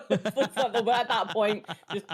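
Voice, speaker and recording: A woman's voice: mid-range voice, fairly even intonation, takes it slowly, slightly rough. A woman in casual stream chat, laughing often and slipping into silly voices when she quotes people. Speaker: guest streamer. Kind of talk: casual chat on a livestream call.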